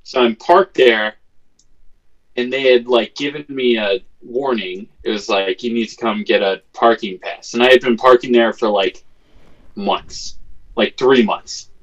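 With a medium-pitched voice at a measured pace, a man co-hosting a podcast chats casually and tells a story. He gets animated, swears, and re-enacts what people said, all in slightly dull lo-fi sound.

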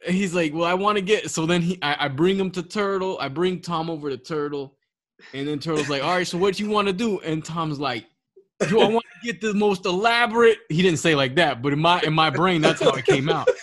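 A man in casual chat, telling a story with lively quoted voices and frequent laughs. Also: fairly high pitch, brisk. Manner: animated storytelling, acts out quotes, laughs often.

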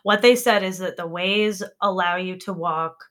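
Bright, animated woman hosting a podcast. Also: lowish voice, normal speed. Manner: animated, laughing, swears freely. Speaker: podcast host. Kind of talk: casual podcast chat.

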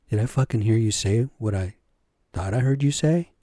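Mellow-voiced man telling stories. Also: lowish voice, moderate pace, dry recording, clean studio sound. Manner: chatty, checking in with listeners. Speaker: storyteller and vlogger. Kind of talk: casual storytelling and ranting.

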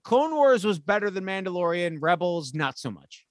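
A man co-hosting a casual podcast, ranting with lots of swearing and getting loud and heated. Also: high voice, sing-song, moderate pace, no echo, clean studio sound. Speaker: podcast co-host.

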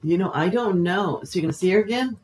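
A man with a fairly high voice co-hosts a casual podcast. He teases his partner and laughs readily, then turns earnest and measured when he gives advice. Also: low-quality recording. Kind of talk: casual chat.

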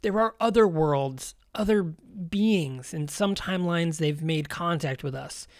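A man playing a frantic male scientist in an audio drama, speaking urgently with frequent swearing and rushed words. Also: a little high, no echo, studio quality. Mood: grim. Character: frantic male scientist husband, two versions.

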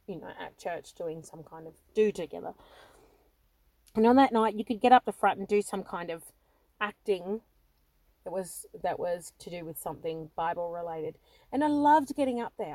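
A woman's voice: mid-range voice, dark tone, no echo. A middle-aged woman telling self-deprecating personal stories, laughing often and restarting sentences nervously. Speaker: podcast host. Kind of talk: personal storytelling monologue.

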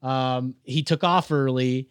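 A man's voice: medium pitch, steady tone, slow pace, smooth, dry recording, studio quality. A young man co-hosting a casual chat, ranting and swearing as he tells a story about a coworker. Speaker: podcast co-host.

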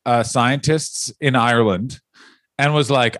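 Guy cracking crude jokes on a podcast, kinda high voice, dry close mic. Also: moderate pace, a bit bright, no room sound. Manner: crude riffing with put-on voices. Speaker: podcast co-host. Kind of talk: comedic podcast banter.

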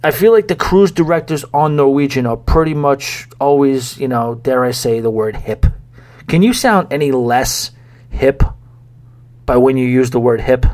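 A man's voice: medium pitch, normal speed, darkish tone. Chatty man hosting a podcast. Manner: chatty, rambling, gets fired up with mock rants. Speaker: podcast host. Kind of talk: casual solo podcast talk.

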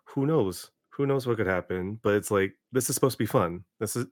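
Low-voiced relaxed male host. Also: fairly quick, no echo, studio quality. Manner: relaxed, rambling, many restarts. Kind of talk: casual interview chat.

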